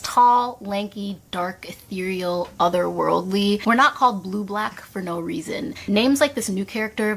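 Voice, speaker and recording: Emphatic woman with a gravelly edge. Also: medium pitch, fairly bright tone. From South Sudan. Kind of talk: casual monologue to camera.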